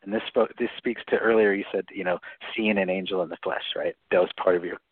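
Husky-voiced man on a tinny phone line. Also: sits low, fairly even intonation, fast talker, no room sound. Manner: chatty, frequent "right?" tags and laughs. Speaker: guest author. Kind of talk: radio interview, explaining.

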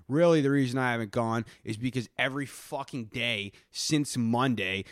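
A man's voice: medium pitch, no room sound. Man, podcast host, boastful and profane, ranting, self-important, dry close sound. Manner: self-important, complains at length. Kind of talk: comedic character monologue.

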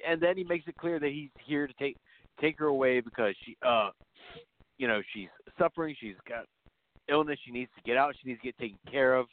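A man co-hosting a podcast, chatting in a relaxed way about a film and laughing often. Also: mid-range voice, brisk, no echo. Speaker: podcast co-host. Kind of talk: casual film discussion. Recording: dry tinny phone-like sound.

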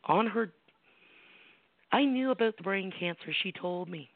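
A woman's voice: medium pitch, a little slow, dry recording. A middle-aged American woman, a psychic medium hosting a call-in show, tells personal stories bluntly and emphatically, with salty language and rhetorical questions. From United States. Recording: tinny phone-line sound, dry.

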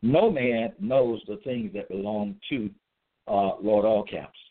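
Slow, emphatic man on a tinny line. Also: medium pitch, sing-song, creaky. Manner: emphatic and repetitive, spells out letters; hesitant restarts with frequent uh. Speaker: self-styled religious teacher. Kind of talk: slow religious monologue. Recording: tinny phone-like sound.

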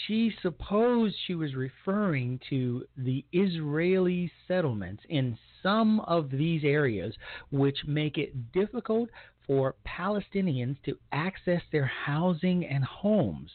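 A man's voice: on the high side, big pitch swings, slow, dry recording. Sarcastic male talk show host, phone-thin. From Puerto Rico. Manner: rambling, sarcastic, many fillers. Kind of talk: opinion talk show monologue. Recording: dry, phone-like sound.

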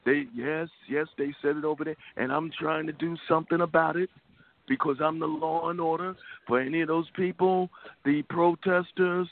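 A man's voice: fairly high pitch, steady tone, moderate pace, creaky, dry recording. A man doing a blustering old politician. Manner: boastful, emphatic slogans. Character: blustering older male politician impression. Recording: tinny phone line.

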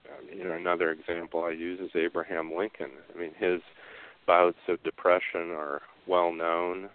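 A male author being interviewed, speaking haltingly with many fillers and restarts. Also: sits low, little pitch movement, clear, resonant tone. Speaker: author guest. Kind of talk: casual interview talk. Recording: phone line.

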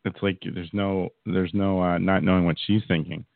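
Easygoing lower-voiced man on a tinny line. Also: little pitch movement, moderate pace, gravelly, dry recording. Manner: easygoing, hesitant, sentences trail off. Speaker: podcast co-host. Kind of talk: casual chat. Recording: tinny phone-like sound.

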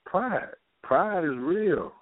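This guest playwright speaks extremely slowly in a high-sitting voice, chatting casually on a talk show. He tells his stories with animation, performing the voices of the characters he quotes, over tinny phone-line audio with no room sound.

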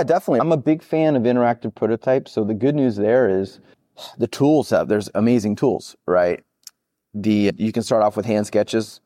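Male podcast guest, quick and animated delivery, dark low voice, dry sound. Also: dry recording. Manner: energetic, acts out quoted people in higher voices. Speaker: podcast guest, product expert. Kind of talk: conversational interview.

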